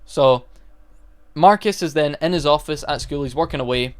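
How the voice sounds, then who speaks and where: A man's voice: fairly high pitch, normal speed, clean tone. A man recapping a horror movie in a casual, rambling way, stopping often to correct himself. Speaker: movie reviewer.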